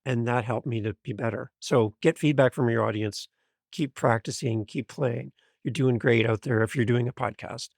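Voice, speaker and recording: Energetic enthusiastic man, dry sound. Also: medium pitch, moderate pace, vocal fry, no room sound. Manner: energetic, enthusiastic, animated storyteller. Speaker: podcast guest. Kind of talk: interview storytelling.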